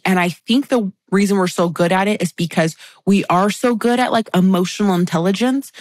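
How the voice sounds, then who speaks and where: A woman guest on a podcast, explaining friendship dynamics in a lively conversational way and acting out quoted remarks. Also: medium pitch, dry recording. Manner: animated, acts out catty quotes.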